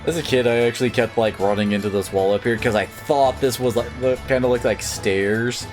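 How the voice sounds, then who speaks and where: A man's voice: mid-range voice, fairly even intonation, fairly quick. A man chatting casually while playing a game, rambling and filling his talk with "like". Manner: rambling, lots of 'like'. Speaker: let's play streamer. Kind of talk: casual gameplay commentary. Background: faint game music.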